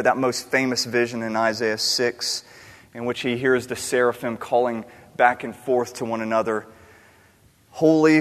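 A man preaches a sermon earnestly and questioningly, repeating key words for emphasis. His voice is medium-pitched with a fairly bright tone, and the long reverb of a large hall surrounds it.

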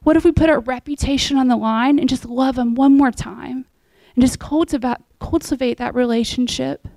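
Woman, sermon, earnest storytelling, gravelly, dry close sound. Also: sits high, steady tone, normal speed, warm tone, no echo. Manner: earnest storytelling, retelling scripture in plain words. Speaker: preacher.

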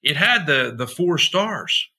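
A man's voice: on the high side, big pitch swings, takes it slowly, sharp tone, breathy edge. A middle-aged man, a podcast guest, telling rambling stories in a chatty, slangy way, full of fillers and acted-out quotes. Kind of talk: rambling anecdotal storytelling.

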